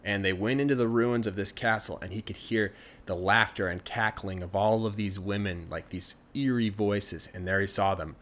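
A man with a lowish voice tells a folktale in a relaxed, chatty way. He sounds animated and easygoing, asking his listeners along as he goes. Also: normal speed. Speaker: storyteller. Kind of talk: casual storytelling.

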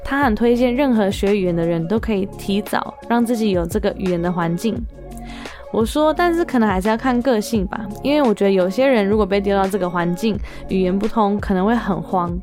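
A woman podcast host narrating a voice-over in a steady, explanatory way. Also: medium pitch, a little fast. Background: faint music.

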